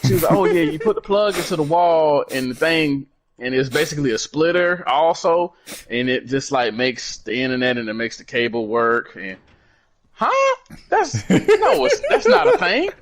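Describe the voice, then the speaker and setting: A man tells a long story as co-host of a casual podcast. His voice climbs and dips with big swings when he acts out what others said. He curses freely and keeps the talk loose, with a mid-range pitch. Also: moderate pace. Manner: animated, swears freely, acts out quoted dialogue.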